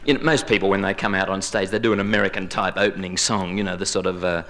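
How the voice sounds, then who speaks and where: A man's voice: deep voice, steady tone, quick pace, few pauses, fairly bright tone, slight background noise. An Australian man doing live stand-up comedy, rambling and joking through stories on a theatre stage. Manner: chatty, rambling, jokey storytelling. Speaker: comedian and singer. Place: large theatre stage before a live audience. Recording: live stage recording with music.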